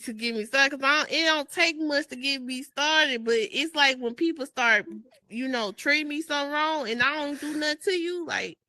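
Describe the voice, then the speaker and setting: A woman's voice: high voice, moderate pace, pushed and bright, no echo. A woman, co-hosting a podcast in casual chat, heartfelt and laughing often as she thanks her partner. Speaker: podcast co-host.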